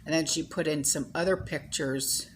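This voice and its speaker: Woman, low voice, unhurried, rambling casual chat, faint background noise. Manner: rambling, full of "you know" and "okay?". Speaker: channel host.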